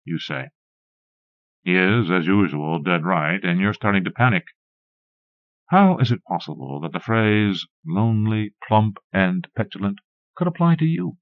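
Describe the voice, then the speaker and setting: A man reading a short story aloud as an audiobook narrator, in a measured, even way. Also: sits low, no echo. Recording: dull lo-fi cassette recording.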